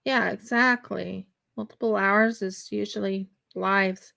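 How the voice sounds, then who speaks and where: Hosting a craft livestream from her winter home, a woman crochets and chats casually, rambling and often restarting amid many fillers. She talks slowly in a steady, mid-range voice with vocal fry and a sharp tone.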